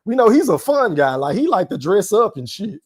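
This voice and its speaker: Animated man hosting a live boxing podcast. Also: high voice, a little fast. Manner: animated, laughs often, talks straight to the chat. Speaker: podcast host. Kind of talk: casual live-stream commentary.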